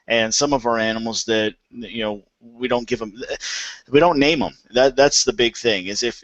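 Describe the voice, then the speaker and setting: A man's voice: lowish voice, fairly bright tone, no echo, rough recording. A man hosting a casual panel chat, talking in a folksy, conversational way with lots of restarts. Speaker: homesteading panel host.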